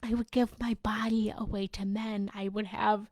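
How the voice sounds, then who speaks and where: A woman's voice: medium pitch, level tone, normal speed, darkish tone, dry recording. A young woman coach speaking live to her followers, passionate and emotional, swearing freely and sometimes dropping to a whisper. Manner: drops into whispers for emphasis. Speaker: relationship and self-love coach. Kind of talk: live-streamed personal talk to followers.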